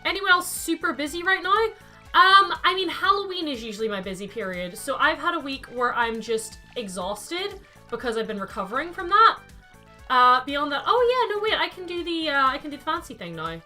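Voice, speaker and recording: A woman's voice: high voice, big pitch swings, normal speed, sharp tone, faint music behind. A young woman chatting casually to her live-stream viewers while playing a game, thinking aloud and answering chat by name.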